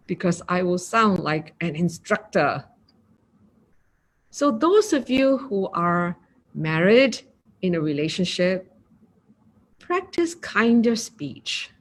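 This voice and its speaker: A woman with a Singaporean accent giving a gentle mindfulness talk, acting out example phrasings. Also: medium pitch. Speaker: meditation teacher.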